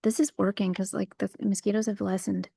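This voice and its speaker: Gravelly-voiced woman rambling outdoors. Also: mid-range voice, little pitch movement, fairly quick, dark tone, no echo, studio quality. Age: adult parent. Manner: meandering, heavy on fillers, spiritual musings. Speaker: livestream host. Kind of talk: casual rambling monologue. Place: outdoors on a warm day.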